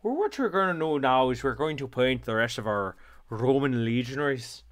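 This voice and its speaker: A man's voice: medium pitch, expressive, normal speed. A Scottish man in his thirties chatting casually and jokily on a livestream while he paints miniatures, rambling and laughing often. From Scotland. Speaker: hobby painting streamer.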